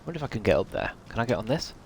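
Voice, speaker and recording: Male streamer, middle pitch, casual rambling chat over gameplay, swears at mishaps. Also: sing-song, racing, slight background noise. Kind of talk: casual live-stream chat while gaming.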